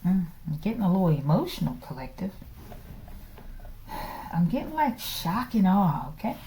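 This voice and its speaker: A woman reads tarot cards for her viewers in a chatty, animated voice that swoops up and down. She often laughs and slides into soft whispers. Faint noise and clicks sit behind her. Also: lowish voice, normal speed. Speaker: tarot reader. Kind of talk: channeled tarot reading.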